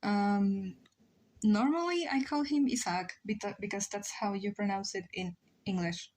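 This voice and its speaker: A woman with a Spanish accent chats casually with her stream while she draws. She rambles and thinks aloud at an unhurried, slow pace, with her voice in a middle pitch. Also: darkish tone. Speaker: live streamer.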